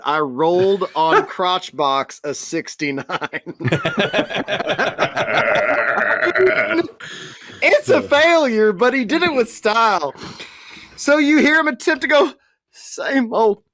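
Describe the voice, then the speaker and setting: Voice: medium pitch, huge pitch swings, slow, long pauses, fairly bright tone. A game master narrating a tabletop game, laughing often and telling it with crude, playful humor.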